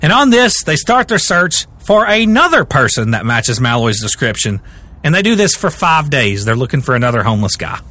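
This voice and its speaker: A male podcast host telling a story in casual chat, animated and often repeating words as he starts a sentence. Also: medium pitch, normal speed.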